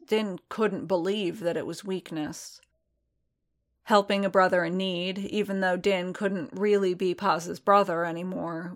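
A woman reading fiction aloud in an even, measured narration. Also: fairly low pitch. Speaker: reader.

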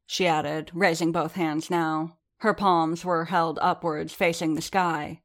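A woman with a fairly low voice narrating fiction for an audiobook. Her telling stays even and measured, carrying the scene steadily through description and dialogue tags.

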